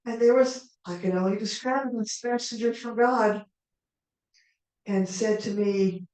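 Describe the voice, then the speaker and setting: A woman storyteller telling a tale in the first person as a character, in an unhurried, conversational way with asides to the audience. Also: a little high, fairly even intonation, a little mellow. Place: live performance venue. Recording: echoey hall, mic far off.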